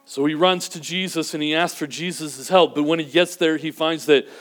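A man preaching a sermon, earnest and building to emphatic peaks before dropping to a low, quiet delivery. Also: steady tone, moderate pace. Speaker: pastor.

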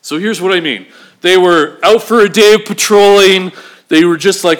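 Male pastor, animated sermon delivery, slightly high voice, asks the congregation questions. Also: normal speed.

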